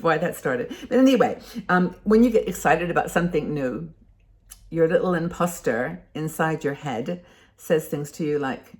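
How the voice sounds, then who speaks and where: A woman's voice: sits low, moderate pace, darkish tone. An older woman hosting a show, talking casually and rambling, with frequent restarts and fillers. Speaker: host. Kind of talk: casual talk to camera.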